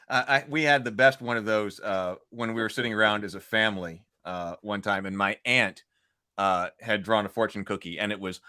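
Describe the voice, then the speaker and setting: A man hosting a casual film discussion podcast, chatty and quick to laugh. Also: fairly low pitch, sharp tone, clean tone. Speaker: podcast host.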